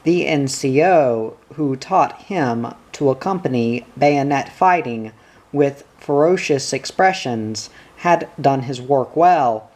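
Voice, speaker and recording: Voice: mid-range voice, slow pace, a little mellow. An audiobook reader narrating a first-person spy story, voicing the characters too.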